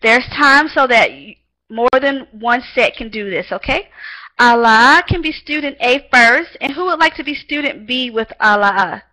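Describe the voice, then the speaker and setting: A woman's voice: on the high side, unhurried, sharp tone, low-quality recording. A woman teaching an online English class, heaping praise on her students and calling on them by name. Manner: encouraging, lots of praise.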